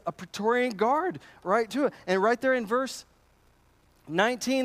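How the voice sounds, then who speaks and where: A man preaching a sermon to his congregation, conversational and emphatic, often repeating words as he goes. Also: high-pitched. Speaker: pastor.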